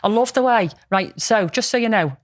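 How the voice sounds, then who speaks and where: A woman's voice: fairly high pitch, expressive, moderate pace, no room sound, studio quality. A woman co-hosting a podcast in casual chat, talking in a rambling, frank and jokey way. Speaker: podcast co-host.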